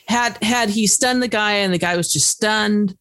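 A woman's voice: medium pitch, moderate pace, fairly bright tone, dry recording. A woman co-hosting a casual book discussion, recapping the plot with many restarts. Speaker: podcast co-host.

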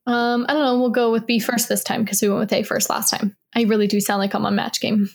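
A woman's voice: on the high side, flat delivery, fast. A woman co-hosting a casual review chat, thinking aloud as she talks. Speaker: podcast co-host.

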